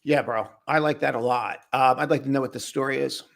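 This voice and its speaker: A man's voice: mid-range voice, fairly even intonation, fairly quick, creaky, a bit bright. A man hosting a live trading stream, talking loosely and casually to viewers, calling them brother and buddy.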